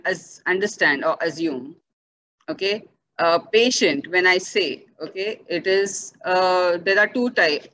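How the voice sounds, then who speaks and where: A woman's voice: lowish voice, fairly bright tone, no echo, poor audio. Woman giving an online lecture, dry sound. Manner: explanatory, frequent "okay" and "uh" fillers, restarts. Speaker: lecturer on bioethics. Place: home or office, virtual webinar. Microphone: computer mic on a video call.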